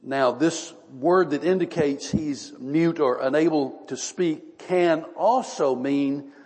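A man preaching a Bible-teaching sermon in an earnest, conversational way, reading scripture slowly and with weight. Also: a little high, a little mellow. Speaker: pastor. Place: church hall. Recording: long reverb of a large hall.

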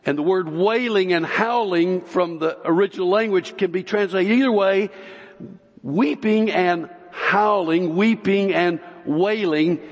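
A male pastor preaching a sermon, slow and emphatic, with long pauses between phrases. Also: high voice. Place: church sanctuary. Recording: dull, lo-fi recording with long hall reverb.

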